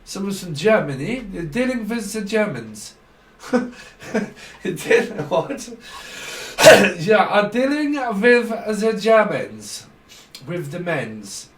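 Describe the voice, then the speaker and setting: A man's voice: high-pitched, sing-song, takes it slowly, a bit bright. A man giving a casual channelled tarot reading. He rambles through loose word association, laughs often, and trails off into restarts. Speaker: tarot reader. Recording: roomy echo, mic at a distance.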